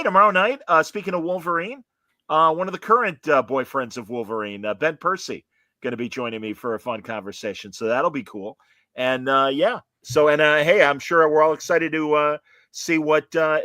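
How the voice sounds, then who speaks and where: A man hosting a live interview stream, relaxed and full of fillers, reading out chat comments. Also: fairly high pitch, no echo. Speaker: podcast host.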